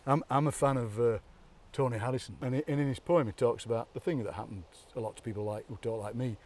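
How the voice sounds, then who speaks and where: A Yorkshire man tells stories on an outdoor walk, animated and quick to slip into other people's accents. His voice is of middling pitch. He is picked up from a little way off, out in the open air. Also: recorded from a distance. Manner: animated storyteller, mimics accents, laughs often. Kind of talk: chatty outdoor walk-and-talk. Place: outdoors by a graveyard.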